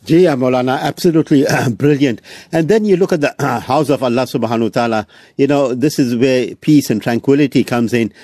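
A man's voice: medium pitch, brisk, warm tone, no room sound, clean studio sound. A man hosting a radio show, interviewing a guest in a hesitant, deferential way with many fillers.

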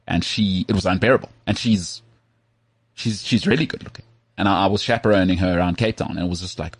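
A man with a husky, lowish voice, chatting on a podcast. He tells his stories with animated emphasis, and the recording sounds dry and close. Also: quick pace, no echo. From South Africa. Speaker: podcast co-host. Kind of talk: casual chat.

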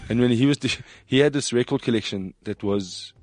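A man's voice: medium pitch, fairly quick, a little mellow, no room sound. A man hosting a radio talk show, telling stories and joking with his co-hosts. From South Africa. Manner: joking, storytelling, plays music for the crew. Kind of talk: casual studio banter.

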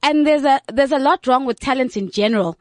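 A woman's voice: high-pitched, a little fast, no echo. Earnest woman, close and dry. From South Africa. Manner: earnest, building points in long lists. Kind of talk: discussion.

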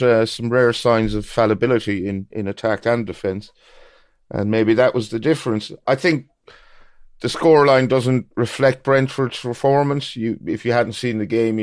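Low-voiced man giving football verdicts. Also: no room sound, studio quality. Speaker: football pundit. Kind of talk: casual football chat.

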